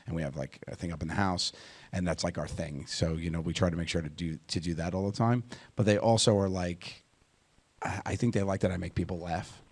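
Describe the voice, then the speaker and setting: A man in his forties, a guest on a talk panel, telling stories in a casual, animated way, laughing often and acting out what others said. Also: sits low. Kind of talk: casual conversational storytelling.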